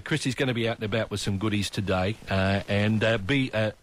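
A man with an Australian accent hosting breakfast radio in a studio, chatting casually, joking and reading the news. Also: mid-range voice.

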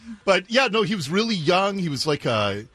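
A man hosting a radio talk show, animated and opinionated, ranting with sarcasm. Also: high-pitched, a little fast, husky, no echo. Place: radio studio.

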